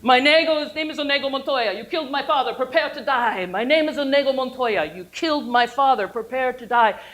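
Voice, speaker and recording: A woman putting on a vengeful swordsman, emphatic and driven, pitched a little high. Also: brisk, fairly bright tone. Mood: determined. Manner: emphatic, repeated declaration. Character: vengeful male swordsman declaring revenge.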